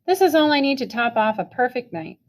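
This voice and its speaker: A woman's voice: a little high, big pitch swings, a little fast, pitched above the performer's own voice. A woman voicing a tough but frightened teenage boy who speaks tensely, in a storybook reading. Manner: tense, shaking.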